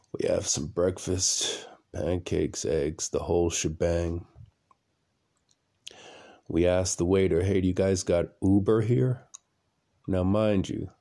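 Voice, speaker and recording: A man with a very low, gravelly voice and a dark, mellow tone tells a rambling story for his podcast. He speaks slowly and bluntly, repeating phrases for effect, from a room at home at night. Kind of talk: casual storytelling monologue.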